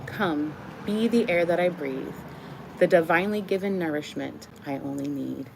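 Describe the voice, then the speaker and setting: A woman reading her own love poems aloud in a soft, earnest, slow and tender way. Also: deep voice, gravelly, slight background noise.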